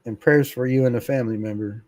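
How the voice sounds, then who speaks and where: A man's voice: medium pitch, fairly even intonation, quick pace, darkish tone, dry recording. A middle-aged man hosting a sports fan livestream in a casual, laid-back way. He reads viewer comments aloud, laughs often and swears freely. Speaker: fan channel livestream host.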